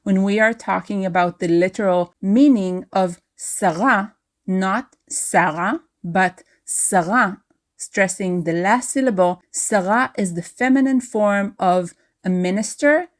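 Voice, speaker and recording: Slow, careful woman teaching Hebrew. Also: mid-range voice. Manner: spells out pronunciations slowly and repeats words. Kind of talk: slow, careful language lesson.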